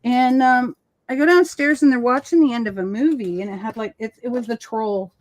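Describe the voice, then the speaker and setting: A woman chatting casually on a crafting livestream, animated and acting out the people she quotes. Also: fairly high pitch, a little fast. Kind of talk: casual chat. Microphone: video call.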